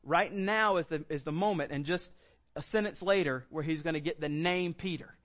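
A man's voice: fairly high pitch, moderate pace, fairly bright tone. A man preaching a sermon, explaining scripture in an earnest, conversational way with emphatic stresses. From Southern United States. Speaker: pastor.

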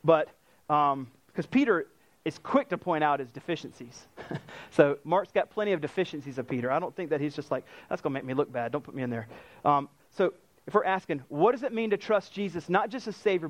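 Animated male preacher, dry close sound. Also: a little high, no room sound, dull audio. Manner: animated, acts out quoted lines. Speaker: pastor. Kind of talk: sermon.

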